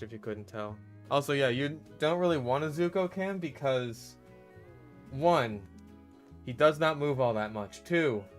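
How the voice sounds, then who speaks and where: A man casually commentating his own gameplay, swearing freely and breaking into loud exasperated yelling. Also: mid-range voice. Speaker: gaming video creator.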